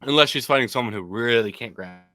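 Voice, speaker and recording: A young adult man from Michigan co-hosting a casual MMA podcast, opinionated and animated with frequent ums. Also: medium pitch, fast.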